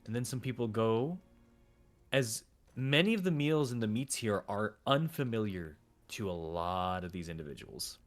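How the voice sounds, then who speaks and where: A man with a fairly low voice narrates a tabletop game as its game master. He rambles, stops to correct himself and leans on fillers, and faint music plays behind him. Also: animated, normal speed.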